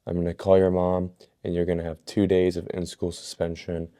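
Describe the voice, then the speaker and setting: A man voicing a tired, stern school vice principal who talks in a calm, measured way. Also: low voice, close to an everyday voice.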